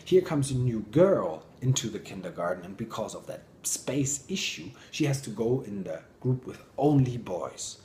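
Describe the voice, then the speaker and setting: A man giving an informal motivational talk in an animated way, sometimes dropping to a whisper. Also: medium pitch, normal speed, hardly any pauses, slight background noise. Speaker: speaker. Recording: roomy echo.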